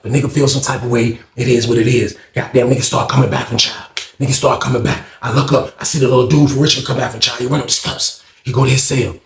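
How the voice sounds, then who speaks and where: A man hosting a casual storytime channel, telling a profane, animated prison story and mixing in vocal sound effects. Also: mid-range voice, fast talker, gravelly, reverberant, a little hiss or hum.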